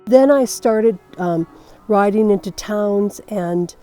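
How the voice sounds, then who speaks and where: A woman's voice: mid-range voice, slow, warm tone, soft background music. An older woman reflecting in a documentary interview, thoughtful and searching for her words. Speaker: long-distance horseback rider.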